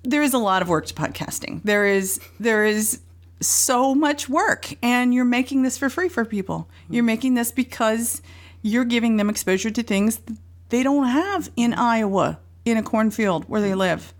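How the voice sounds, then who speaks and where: A woman guest telling a story in casual chat, animated, with sound effects and quoted voices. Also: fairly high pitch, moderate pace.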